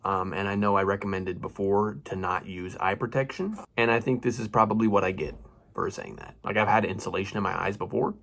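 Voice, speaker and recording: A man's voice: lowish voice, fairly quick, gravelly, a bit bright, slight background noise. A young man casually talking through a hobby perfume-mixing vlog, rambling and self-mocking with slangy asides.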